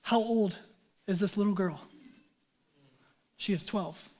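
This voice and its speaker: A man's voice: high-pitched, takes it slowly, a little mellow. A man in his thirties, a pastor preaching a sermon in an earnest, conversational way with casual asides.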